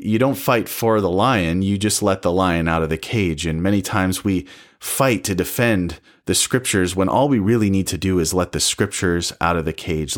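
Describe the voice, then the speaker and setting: A man with a fairly low voice gives a devotional Bible teaching. He speaks in a calm, earnest and measured way as he works through scripture passages. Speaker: preacher.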